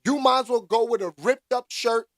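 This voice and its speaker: A man's voice: very high-pitched, steady tone, fairly quick, a bit bright, no room sound, clean studio sound. A man hosting a casual commentary vlog, talking in slangy, emphatic bursts and repeating catchphrases.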